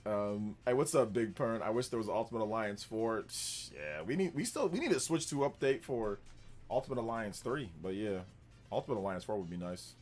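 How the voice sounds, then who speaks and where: A man's voice: lowish voice, a little fast, faint music behind. A man hosting a live gaming stream, chatting casually and rambling as he answers viewers, with frequent laughs. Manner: relaxed, rambling, answers chat and laughs often. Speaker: gaming livestream host.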